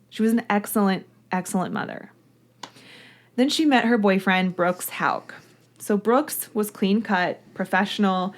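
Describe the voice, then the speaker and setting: A talkative woman hosts a true-crime podcast, gushing over small things before she settles into telling the case. She sits close to a studio mic, and her voice sits at an everyday middle pitch. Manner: chatty, gushing, reads listener mail aloud. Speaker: podcast host. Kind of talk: casual true-crime podcast chat and narration.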